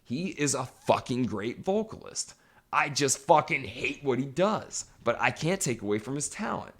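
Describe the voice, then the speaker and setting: A man rants on a casual podcast, swearing at nearly every turn as he hammers his points home. His pitch swings widely while staying mid-range overall. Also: sing-song, moderate pace, a bit bright. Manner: emphatic, swears constantly. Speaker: podcast co-host. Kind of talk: profane casual podcast rant.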